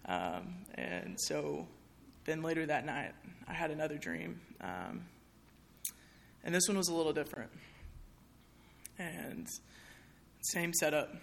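A woman's voice: low-pitched, big pitch swings, slow pace, creaky, a little hiss or hum. A young woman speaking candidly to an audience in a chapel, sharing a personal testimony in a conversational way with many fillers.

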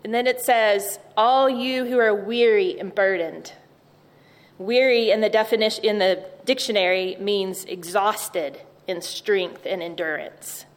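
Slow, gentle woman in an echoey hall. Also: mid-range voice. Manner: gentle, reflective, repeats key words. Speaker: chapel speaker. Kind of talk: devotional chapel talk.

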